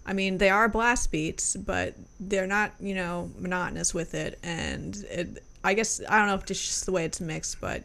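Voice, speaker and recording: A woman's voice: fairly low pitch, animated, moderate pace, vocal fry, hardly any pauses, fairly bright tone. A woman co-hosting a music review, chatting casually, laid-back and hedging, laughing often.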